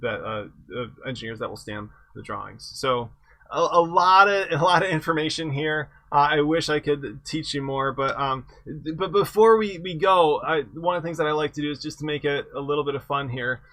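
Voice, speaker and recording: A man's voice: fairly high pitch, moderate pace, pushed and bright, no room sound. A middle-aged man lecturing an engineering exam review, conversational and self-correcting, with wry humor about past projects. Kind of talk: lecture with anecdotes.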